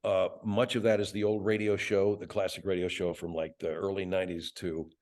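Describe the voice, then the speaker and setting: An older man, a radio host and voice actor, chatting as a guest with animated, profane, laughing storytelling. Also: sits low, brisk. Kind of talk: casual interview chat.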